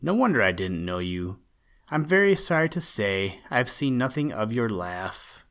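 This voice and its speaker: A man's voice: on the low side, very animated, a little slow, a bit bright, heavily acted. A man voicing a small, friendly male lantern sprite in a storybook, talking in a kindly, chatty way.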